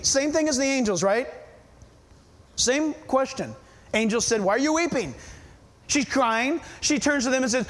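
A male pastor preaching a sermon, emphatic and full of rhetorical questions, dropping to hushed asides for effect. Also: very high voice, very animated, moderate pace.

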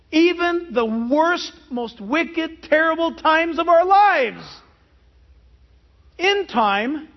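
A man delivers a sermon as pastor, his voice pitched unusually high. He preaches with emphatic, animated energy, leaning on rhetorical questions. The recording sounds dull and lo-fi.

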